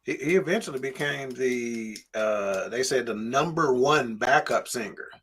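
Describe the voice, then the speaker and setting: A man's voice: medium pitch, unhurried, slightly rough. A man co-hosting a casual review podcast, telling stories and acting out quotes. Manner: animated storyteller, acts out quotes. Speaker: podcast co-host. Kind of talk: casual chat.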